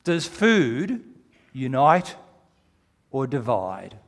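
Animated preacher in a reverberant hall. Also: male voice, medium pitch, extremely slow. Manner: animated storytelling, rises to near-shouting when retelling. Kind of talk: sermon.

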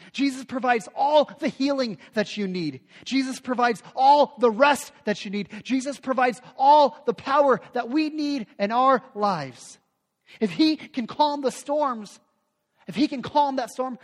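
A man preaching a sermon with emphatic delivery, often repeating phrases for effect. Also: very high-pitched. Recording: long hall reverb.

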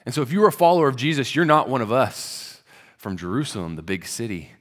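A man preaching a sermon, retelling the story conversationally and dropping to a soft, low voice at solemn moments. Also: very animated, quick pace, big-room sound. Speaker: pastor.

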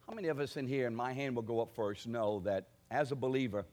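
A man preaching a sermon, asking his congregation direct questions and building to forceful declarations. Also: mid-range voice, fast talker. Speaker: pastor.

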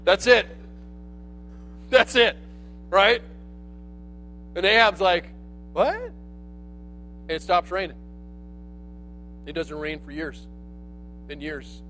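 A man giving a sermon as relaxed, lively storytelling, full of slang and conversational asides. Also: high-pitched, takes it slowly, long pauses, faint music behind. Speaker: pastor.

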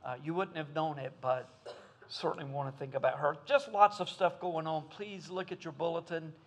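A man preaches in an easy, folksy way. His voice sits a little higher than most men's, and he chats with the congregation as he talks. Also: fairly even intonation, normal speed, husky. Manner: folksy, conversational. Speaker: pastor. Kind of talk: sermon.

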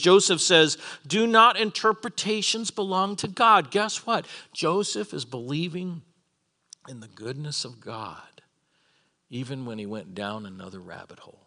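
Bright, somewhat high-voiced male preacher, animated storyteller who acts out the characters, at a conference. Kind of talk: sermon. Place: conference hall with live audience.

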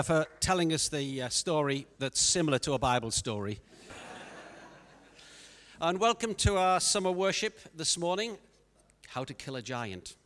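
Brief: upbeat worship leader, man, bright tone, echoey church hall. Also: on the high side. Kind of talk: church service hosting.

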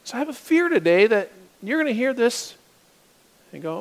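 A man preaching a sermon as pastor, swinging between loud urgent stretches and hushed asides. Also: very high voice, very animated, moderate pace, in a large hall. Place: church sanctuary.

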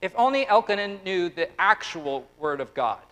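A man in his thirties preaching a lively, conversational sermon, acting out quotes and turning quiet and tender at personal moments. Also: sits high, normal speed, poor audio. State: close to tears. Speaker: pastor.

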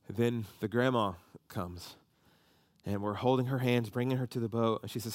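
A man, preaching a sermon and telling a story with lively emotion. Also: mid-range voice, moderate pace, no room sound, studio quality. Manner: animated storytelling, voices rising with emotion.

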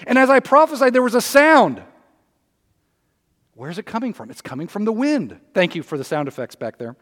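In a hall with long reverb, a male pastor delivers a sermon at a moderate pace, his high-pitched, fairly bright voice swinging widely in pitch. He reads scripture with emphasis and breaks off now and then for conversational asides.

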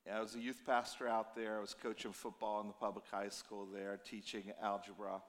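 Male pastor in his fifties, low and tired, conversational sermon delivery, long church-hall reverb. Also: a little fast. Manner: conversational storytelling, animated and emotional in places.

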